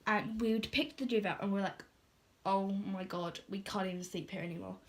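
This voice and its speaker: A woman's voice: medium pitch, steady tone, moderate pace. A teenage girl, telling a storytime vlog in a chatty, filler-heavy way and acting out what people said.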